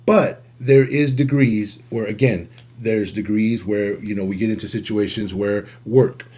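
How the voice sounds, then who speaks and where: A man's voice: fairly low pitch, fairly even intonation, unhurried, darkish tone. A man co-hosting a casual podcast on relationships, talking with many fillers and repeating points as if preaching them. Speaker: podcast co-host.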